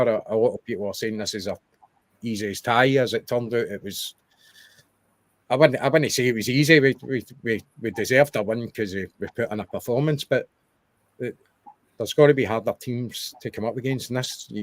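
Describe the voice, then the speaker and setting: A young Scottish man co-hosting a podcast chats casually about football in a lowish voice on a dry recording. He rambles, restarts his sentences, and throws in wee asides.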